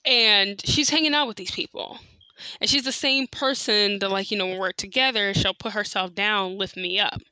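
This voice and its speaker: A woman's voice: medium pitch, moderate pace, pushed and bright, clean tone, dry recording, clean studio sound. A woman telling a personal story in a candid, profane way, full of "like" and "you know". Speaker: podcast host.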